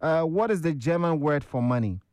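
A man's voice: on the high side, lively intonation, moderate pace, darkish tone, no room sound. A man with a Ghanaian accent hosting a casual, upbeat call-in quiz on the radio. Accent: Ghanaian English. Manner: casual, upbeat, chatty with callers.

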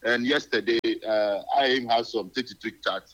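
A man's voice: mid-range voice, a bit bright. Caller guy on the radio phone line, cheerful, rambles, lots of uhs. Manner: rambling, cheerful, halting with fillers.

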